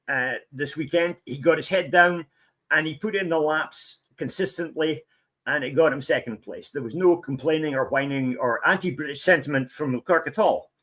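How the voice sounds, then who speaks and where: A man guest-hosting a casual racing chat, his rather high voice swinging up and down as he rambles. He jokes his way through the recap and fills gaps with ums and uhs. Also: fairly bright tone. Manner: rambling and jokey, with many fillers. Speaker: guest host. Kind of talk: casual sports commentary chat.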